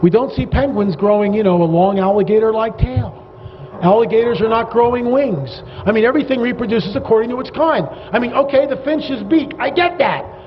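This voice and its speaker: A man giving a lecture to a live audience, animated and sarcastic, wandering off on digressions. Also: very high voice, a little fast. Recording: dull reverberant hall recording with faint noise.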